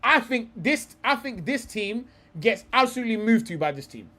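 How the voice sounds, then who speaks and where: A young man hosting a live football talk stream. He swears a lot and thinks aloud, often trailing off into low mutters. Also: sing-song, moderate pace, sharp tone. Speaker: streamer host.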